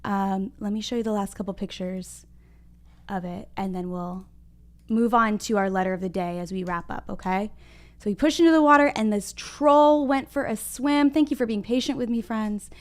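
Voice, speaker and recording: A woman's voice: medium pitch, normal speed. A young adult woman teaching a read-aloud lesson to young children, upbeat and addressing them directly as friends. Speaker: kindergarten reading teacher.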